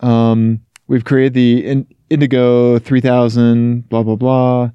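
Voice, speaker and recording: A man's voice: mid-range voice, little pitch movement, slow pace, clean tone, no echo, highs cut off. A man from Missouri co-hosting a podcast in casual chat, talking with many fillers and restarts. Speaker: podcast co-host.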